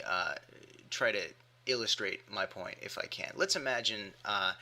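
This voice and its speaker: Forceful emphatic male commentator. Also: lowish voice. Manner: emphatic, rhetorical questioning. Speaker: atheist commentator. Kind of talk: argumentative rebuttal monologue.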